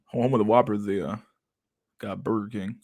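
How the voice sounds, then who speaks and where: A man's voice: fairly low pitch, fairly even intonation, brisk, a little mellow. A man giving casual, rambling livestream commentary on pictures, swearing constantly and laughing often. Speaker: streamer reacting to pictures.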